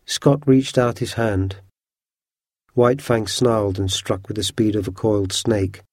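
A man reading a children's adventure story aloud in a steady, measured way. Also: lowish voice, no echo, clean studio sound. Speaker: narrator.

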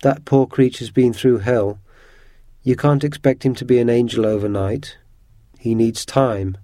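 A man reading the part of a rough-spoken, practical frontier man with blunt, folksy speech. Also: medium pitch, fairly even intonation, measured pace, dark tone, dry recording, clean studio sound, close to an everyday voice. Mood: gruff.

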